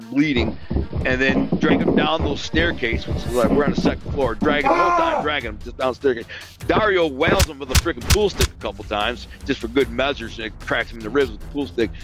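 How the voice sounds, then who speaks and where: A man's voice: medium pitch, rough recording. Blunt, profane man telling a story. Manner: blunt and profane, acting out quoted dialogue. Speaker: interviewee telling his past. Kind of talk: casual spoken storytelling.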